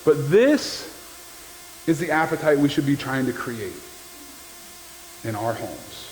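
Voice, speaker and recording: A man's voice: mid-range voice, expressive, slow pace, darkish tone. A man preaching a sermon as the pastor, in a conversational, joking way that keeps checking in with the listeners. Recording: long hall reverb with faint background noise.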